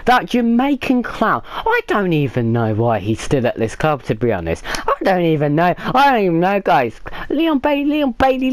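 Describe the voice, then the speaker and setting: Ranting man with a lively pitch. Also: no echo. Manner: exasperated, theatrical ranting with lots of repetition. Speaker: football fan doing a match reaction. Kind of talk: comic rant to camera.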